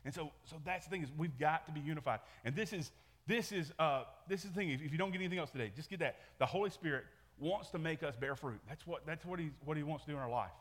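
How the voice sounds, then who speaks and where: A man's voice: on the high side, fast talker, fairly bright tone, long reverb tail. A man preaching a sermon to his church in a casual, conversational way, often repeating words and restarting sentences. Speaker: pastor. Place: church sanctuary.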